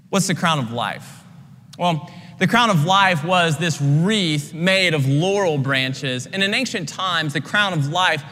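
A man's voice: on the high side, lively intonation, slow pace, fairly bright tone, big-room sound. A young man preaching a sermon as pastor, earnest and conversational with many casual "like" fillers.

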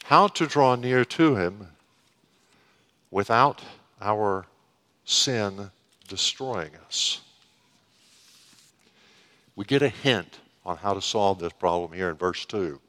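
A man preaching a sermon, slow and deliberate, with dramatic pauses. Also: on the low side, lively intonation, a bit bright. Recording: long reverb of a hall.

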